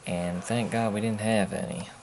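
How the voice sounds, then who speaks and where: A man's voice: fairly low pitch, fairly even intonation, normal speed, darkish tone, slight background noise. A man chatting casually at home for his vlog, rambling and grumbling in an offhand way. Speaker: vlogger. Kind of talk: casual chat. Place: at home indoors.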